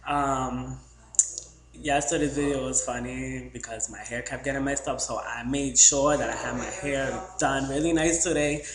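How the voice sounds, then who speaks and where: A man's voice: medium pitch, steady tone, normal speed. A man from the Boston area telling a rambling, joking story to his camera with lots of fillers. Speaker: vlogger. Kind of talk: casual storytelling vlog. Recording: echoey room, faint background hum.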